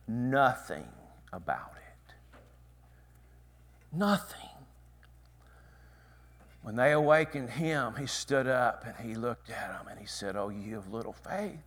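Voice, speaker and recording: A man preaching a sermon, swinging from hushed whispers to loud dramatic cries. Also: medium pitch.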